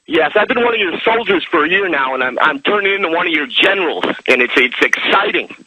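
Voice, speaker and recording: A man's voice: on the high side, lively intonation, a little fast, dry recording. A man from Minnesota calling in to a radio show, eager and rambling as he tells a story. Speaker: caller. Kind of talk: excited phone-in call. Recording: husky phone line.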